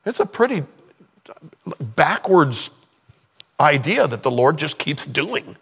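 A man's voice: on the high side, big pitch swings, takes it slowly, vocal fry, fairly bright tone, slightly rough, long reverb tail. A man preaching a sermon in a conversational way, with playful acted-out asides. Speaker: pastor.

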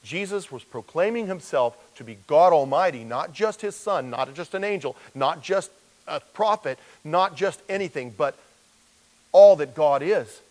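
Male pastor, verse-by-verse sermon, conversational delivery, fairly high voice. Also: animated, normal speed, rough recording. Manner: conversational, acts out quoted voices.

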